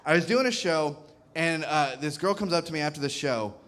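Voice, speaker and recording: A man doing a stand-up comedy set in a comedy club, telling a crude story in an animated way into a handheld stage mic, laughing as he goes. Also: a little high, a little fast. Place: comedy club stage before a live crowd.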